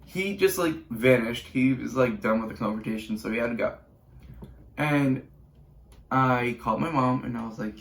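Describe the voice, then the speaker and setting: A man's voice: mid-range voice, moderate pace, gravelly, fairly bright tone. A teenage boy YouTuber telling a casual storytime vlog with chatty, sarcastic asides and rambling restarts. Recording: roomy echo.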